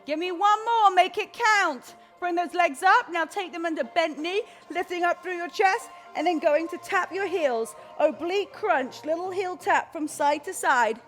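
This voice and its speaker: A woman's voice: extremely high pitch, moderate pace, few pauses, fairly bright tone, soft background music. A young woman leading a live workout, slightly out of breath as she exercises along. She gives upbeat, encouraging cues and counts, mixed with motivational talk. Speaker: fitness instructor.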